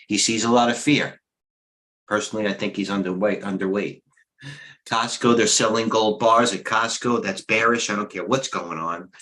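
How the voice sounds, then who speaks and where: A man's voice: fairly low pitch, fairly bright tone, poor audio. A middle-aged man, a head trader and coach, giving rambling, off-the-cuff live market commentary with blunt opinions and lots of fillers.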